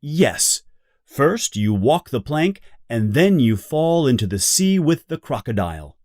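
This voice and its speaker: A man's voice: medium pitch, big pitch swings, a little slow, darkish tone, dry recording, studio quality. Captain Hook, a man doing a gloating pirate. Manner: gloating, threatening.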